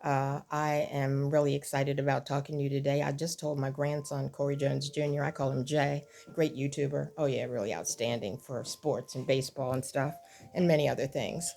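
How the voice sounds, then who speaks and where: An older woman with a low-pitched voice gives an online devotional message. She talks plainly and warmly conversational, then preaches in impassioned, repeated appeals. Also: flat delivery, normal speed, gravelly. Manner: impassioned and repetitive, rising to pleading cries.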